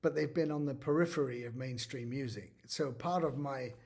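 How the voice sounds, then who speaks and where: A man's voice: medium pitch, normal speed, vocal fry, a little mellow. A man, a guest musician, talking animatedly in a conversational interview and often saying "you know". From United Kingdom.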